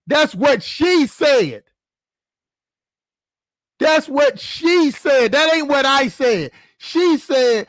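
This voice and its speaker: High-voiced rambling vlogger man. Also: animated, extremely slow, long pauses, a bit bright, dry recording. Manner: rambling, profane, restarts and repeats phrases. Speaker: channel host. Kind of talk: casual vlog monologue.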